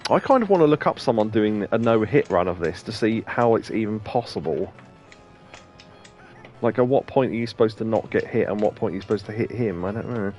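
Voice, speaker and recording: A man's voice: fairly low pitch, lively intonation, a little fast, darkish tone, highs cut off, soft background music. A man co-hosting a let's play, chatting casually and telling rambling anecdotes with plenty of laughs. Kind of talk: casual chat over gameplay.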